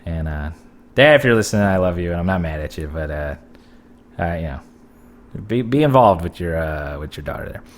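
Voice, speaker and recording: A man's voice: sits low, expressive, a little fast. A young man telling a personal story in casual podcast chat, profane and self-mocking. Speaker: podcast guest.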